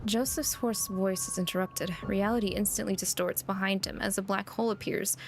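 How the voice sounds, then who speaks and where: A woman's voice: mid-range voice, steady tone, a little fast, slight background noise. A young woman streamer reading a story game aloud and chatting casually with viewers. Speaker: VTuber streamer.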